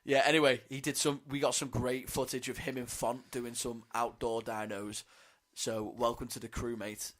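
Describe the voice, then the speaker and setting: A man co-hosting a climbing podcast, chatting in a relaxed, slangy way. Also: medium pitch, moderate pace, hardly any pauses. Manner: laid-back, chatty, slangy. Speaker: podcast co-host. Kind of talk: casual podcast chat.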